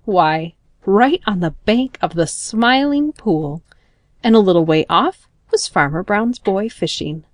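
A woman narrating a children's storybook in a gentle, expressive manner. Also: mid-range voice, a little slow, no room sound.

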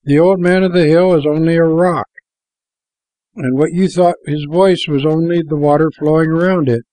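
A man voicing a gentle, kind female moon spirit in a storybook, speaking softly and invitingly. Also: fairly high pitch, steady tone, moderate pace, no echo, lightly acted, rough recording.

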